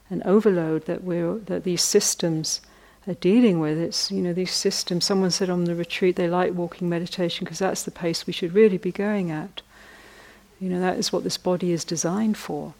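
Speaking in a lowish, creaky, slightly mellow voice, a middle-aged meditation teacher delivers a contemplative dharma talk at a retreat. Her style is conversational, marked by frequent pauses, restarts, and laughter at her own jokes.

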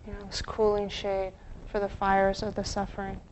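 A woman meditation teacher giving a dharma talk, gentle and reflective, with pauses. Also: mid-range voice, monotone, a little hiss or hum, low-quality recording.

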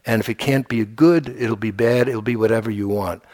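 A man's voice: lowish voice, moderate pace, darkish tone, no echo, clean studio sound. Conversational male meditation teacher. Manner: conversational, humorous, with frequent restarts. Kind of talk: dharma talk. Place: meditation retreat center.

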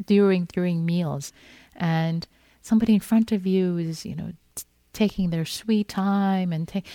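Soft-toned woman giving a dharma talk. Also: medium pitch, no echo. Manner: gentle, repetitive, acts out inner thoughts. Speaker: meditation teacher. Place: meditation hall.

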